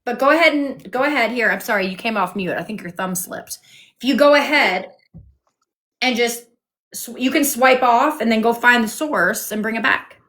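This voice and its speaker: A woman's voice: on the high side, moderate pace, fairly bright tone. A woman hosting a phone livestream from home, firm and sarcastic as she talks over her guest in a heated debate. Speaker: livestream host.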